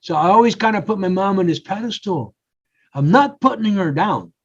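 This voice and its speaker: An older man talks through his own stories with animated energy. He jumps into the voices of the people he quotes. The audio sounds a bit dull and lo-fi. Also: high voice, moderate pace. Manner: animated storyteller, acts out quotes. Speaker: podcast guest, coach. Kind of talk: casual interview talk.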